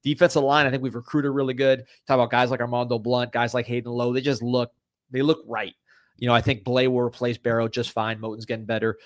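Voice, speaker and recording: Fast-talking man giving football opinions. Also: mid-range voice, level tone, no room sound, clean studio sound. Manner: rambling, confident opinions. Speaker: podcast co-host. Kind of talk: casual sports chat.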